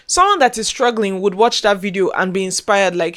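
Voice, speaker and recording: A woman's voice: medium pitch, normal speed, a bit bright. A young woman talking earnestly to camera as a content creator, repeating herself as she speaks from the heart. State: getting emotional, near tears. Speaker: content creator and podcast host. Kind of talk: casual talk to camera.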